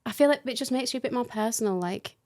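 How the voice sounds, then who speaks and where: A woman, a guest on a casual podcast, chatty and self-deprecating and quick to laugh. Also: a little high, a little mellow. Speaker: podcast guest, digital marketing manager.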